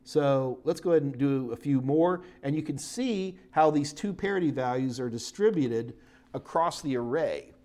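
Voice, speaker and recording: A man's voice: mid-range voice, normal speed, darkish tone. Joking middle-aged man teaching tech. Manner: casual, joking, talking through slides. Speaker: IT certification instructor. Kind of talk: live-streamed technical lecture.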